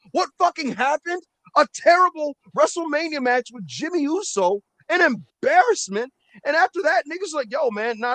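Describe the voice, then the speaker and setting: A man's voice: extremely high pitch, fairly bright tone, dry recording, rough recording. A man ranting animatedly on a casual wrestling podcast, swearing and mocking the people who doubted him. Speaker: podcast co-host.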